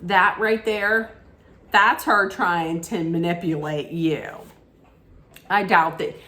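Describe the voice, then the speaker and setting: A woman's voice: lowish voice, fairly even intonation, slow pace, sharp tone, reverberant. A woman giving an opinionated, casual recap rant about a reality show, often restarting her sentences. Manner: opinionated, frequent restarts and asides.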